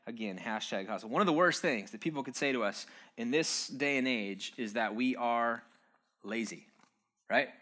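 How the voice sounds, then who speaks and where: A man's voice: mid-range voice, expressive, normal speed, sharp tone. A man giving a casual, joking sermon-style talk, conversational and wry, with frequent "um"s and "uh"s.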